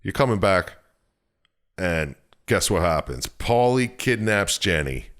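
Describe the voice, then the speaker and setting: A man's voice: low-pitched, expressive, slow, fairly bright tone. A man co-hosting a podcast, loosely retelling a story in casual chat, swearing freely and laughing often. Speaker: podcast co-host. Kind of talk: casual chat recapping a video game.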